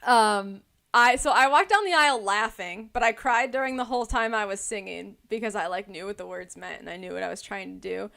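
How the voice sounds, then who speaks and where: A woman's voice: mid-range voice, brisk, gravelly, hardly any pauses. A young woman co-hosting a podcast, chatting casually and telling stories with lots of "like" fillers. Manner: chatty, many "like" fillers, lively storytelling. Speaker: podcast co-host. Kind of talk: casual chat.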